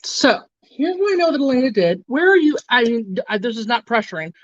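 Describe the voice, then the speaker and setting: A fairly high-pitched woman joins in from a video call, teasing and joking in easy casual chat. Her voice comes through dull and lo-fi, as call audio does. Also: very animated, a little fast.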